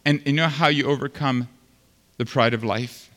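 A man preaching a sermon as pastor, swinging between loud fervent passages and quiet, earnest stretches. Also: medium pitch, steady tone, normal speed. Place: large church sanctuary. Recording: long hall reverb.

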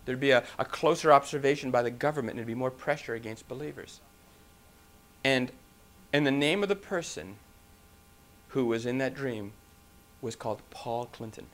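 A man's voice: mid-range voice, moderate pace, a bit bright. A man preaching a sermon, talking emphatically with rhetorical questions and a few restarts.

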